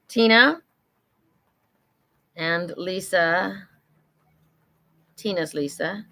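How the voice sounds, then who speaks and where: A woman's voice: on the low side, slow, long pauses, pushed and bright. Upbeat middle-aged woman reading oracle cards. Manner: chatty, upbeat spiritual cheerleader, talks to viewers. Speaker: oracle card reader and psychic host.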